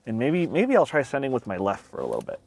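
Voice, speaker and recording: A man's voice: mid-range voice, wildly swooping pitch, fast talker, gravelly, noisy background. A man running a busy outdoor ham radio activation, talking casually and a bit flustered while juggling his gear, at one point with a pen in his mouth. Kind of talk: casual vlog narration while operating. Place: outdoors at a mountain pass.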